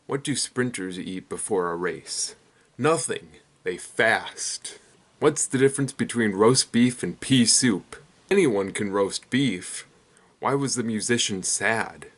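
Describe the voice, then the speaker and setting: Young guy reading off puns one after another, flat deadpan, lowish voice. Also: slow pace. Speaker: comedy channel host. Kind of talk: rapid-fire joke telling.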